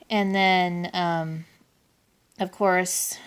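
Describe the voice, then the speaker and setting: A woman's voice: fairly low pitch, steady tone, a little slow, clean tone. A woman giving a casual, rambling plot recap as an anime reviewer, often correcting herself.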